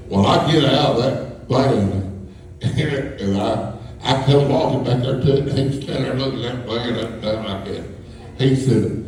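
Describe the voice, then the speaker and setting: A male storyteller with a mid-range, slightly mellow voice and moderate pace tells folksy, rambling stories, chuckling along, to a live audience. He's in a school hall, heard from far off amid echo and a faint hum.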